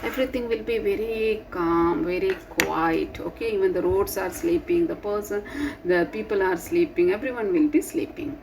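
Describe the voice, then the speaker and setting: A woman's voice: fairly low pitch, normal speed, darkish tone, slight background noise, low-quality recording. A woman teacher who reads the text aloud and explains it to young children. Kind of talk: classroom lesson explanation.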